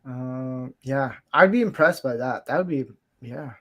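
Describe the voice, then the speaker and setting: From Florida, USA, a man with a medium-pitched, fairly bright voice hosts a casual chat at a slightly slow pace. He rambles along, chuckles frequently and often mocks himself.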